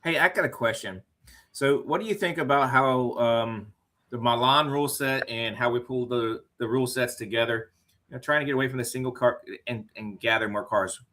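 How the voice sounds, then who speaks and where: A man's voice: medium pitch, a little fast, sharp tone. A man asking technical racing questions in casual radio chat. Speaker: guest.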